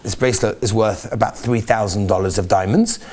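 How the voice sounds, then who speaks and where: A man giving a rabbi's Torah lecture as an animated storyteller who acts out the characters. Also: fairly low pitch, fairly quick.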